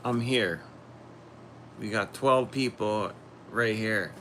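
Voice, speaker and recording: A man hosting a casual livestream, chatting to viewers and reading their comments while a little sick, talking in a slow, rambling way and trailing off. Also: lowish voice, fairly bright tone, slight background noise. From Philadelphia. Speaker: livestream host.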